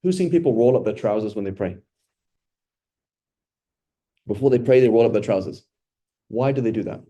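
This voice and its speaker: Low, very mellow male religious teacher. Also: expressive, normal speed, highs cut off. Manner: conversational, asks rhetorical questions, often adds "right?". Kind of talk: informal Quran study talk.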